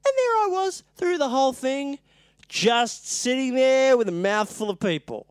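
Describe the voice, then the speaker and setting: A podcast co-host telling a story in casual chat, animated, laughing often and swearing freely. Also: sits high, moderate pace, no room sound, clean studio sound.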